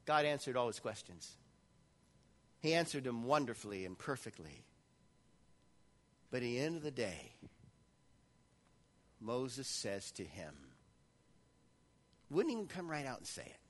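Bright-voiced man preaching a sermon. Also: mid-range voice, a little slow, pauses often. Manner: animated preaching, swinging between loud and hushed. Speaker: pastor. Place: church.

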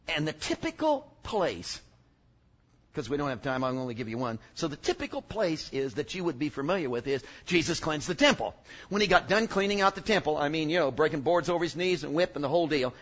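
A man's voice: a little high, fairly bright tone, highs cut off. A male preacher giving a sermon, joking and emphatic, working up from asides to strong points.

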